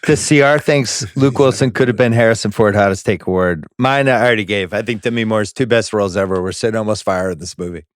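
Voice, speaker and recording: A man's voice: on the low side, fast talker, few pauses, no room sound. A man hosting a casual movie podcast, wry, running through award categories in a dry studio. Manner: wry, list-running, acts out quotes in loud bursts. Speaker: podcast host.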